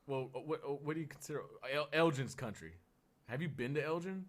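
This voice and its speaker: A young man from Oklahoma with a thick country accent, telling stories in a casual, animated podcast chat full of fillers. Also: on the high side, a little fast. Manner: animated, laughing storyteller with many fillers. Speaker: podcast co-host.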